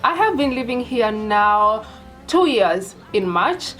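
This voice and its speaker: Young kenyan woman talking to her viewers, kinda high voice, soft music behind. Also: sing-song, slow pace, rough recording. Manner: chatty and direct, addresses viewers as "you guys". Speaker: vlogger. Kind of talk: casual vlog talk to camera.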